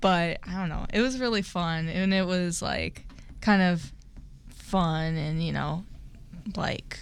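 A woman's voice: on the low side, slow pace, vocal fry, smooth. A woman in a casual group chat, telling a story hesitantly with many fillers.

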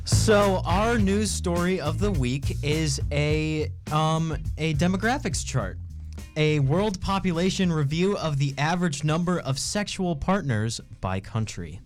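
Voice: medium pitch, lively intonation, unhurried, faint music behind. A podcast host running a casual group chat segment, quizzing friends and joking.

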